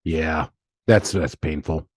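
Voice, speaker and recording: A man's voice: extremely low pitch, takes it slowly, a little mellow, slightly rough, dry recording, clean studio sound. A man with a Southern US accent hosting a podcast, telling stories in a chatty way and laughing often. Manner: chatty storyteller, laughs often, lots of restarts. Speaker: podcast host. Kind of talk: casual chat.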